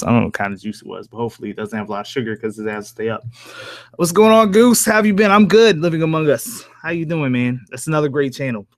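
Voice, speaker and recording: A man's voice: medium pitch, dry recording. A man live-streaming from home with an accent that mixes New Jersey and Southern country, chatting casually with viewers in a loose, profane way with frequent chuckles. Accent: mix of New Jersey and American Southern country. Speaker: horror story narrator live-streaming. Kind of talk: casual live-stream chat, reading and answering viewer comments.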